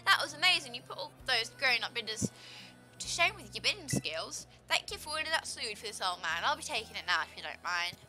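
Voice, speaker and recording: A woman's voice: high-pitched, sing-song, fast talker, hardly any pauses, bright, forceful tone, faint music behind, exaggerated voice. A woman voicing a boastful old man who leads a gym, reading the game's dialogue in an odd put-on accent and a hearty drawl that calls the listener kid. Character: folksy old man gym leader, boastful seafood lover. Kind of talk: gameplay voice-over of game dialogue.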